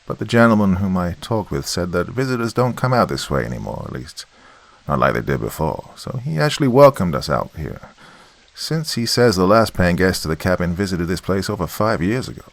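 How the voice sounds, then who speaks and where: A man doing a relaxed military officer. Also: low-pitched, fairly quick, creaky, no room sound, exaggerated voice. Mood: friendly. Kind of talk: horror story reading.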